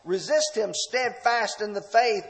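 A male pastor preaching a sermon, reading scripture loudly and dropping to hushed, slow asides. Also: high-pitched, creaky, long reverb tail. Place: church sanctuary.

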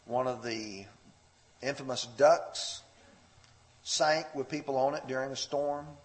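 A man preaching a sermon, telling a story expressively and leaping up in pitch when he quotes scripture. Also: slow pace. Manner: storytelling with a personal anecdote. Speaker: pastor.

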